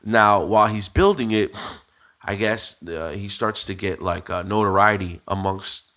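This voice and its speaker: A man's voice: lowish voice, measured pace, bright, forceful tone. A man co-hosting a podcast, telling a story casually with many fillers and restarts. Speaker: podcast co-host.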